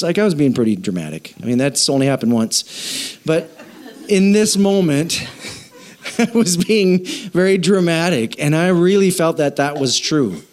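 Preacher, male, animated and conversational, pitch leaping up and down, quizzes his church. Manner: animated, jokey, asks the congregation questions. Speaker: pastor. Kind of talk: sermon.

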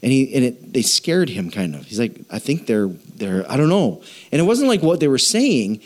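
A man preaching to his church congregation, joking with them and prompting them to call back, moving between quiet asides and loud emphatic lines. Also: mid-range voice, big pitch swings, moderate pace. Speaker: pastor. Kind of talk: sermon.

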